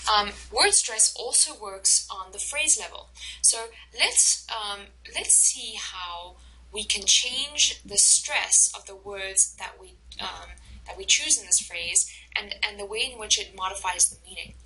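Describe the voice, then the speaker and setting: A woman instructor giving a recorded lecture over slides, explaining slowly and carefully with many fillers and restarts. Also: medium pitch, sharp tone, low-quality recording.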